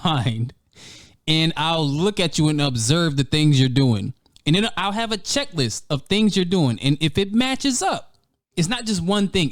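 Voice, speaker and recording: A man tells a story in a casual, profane way over gameplay. His pitch is a little high and swings widely from line to line. The sound is dry and close. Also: dry recording. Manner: animated, profane, laughing often. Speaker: gaming channel host.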